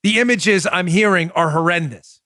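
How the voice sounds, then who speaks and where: A man's voice: high voice, moderate pace, pushed and bright, no room sound, clean studio sound. A man hosting a political talk show, delivering an indignant, mocking monologue. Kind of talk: opinionated monologue.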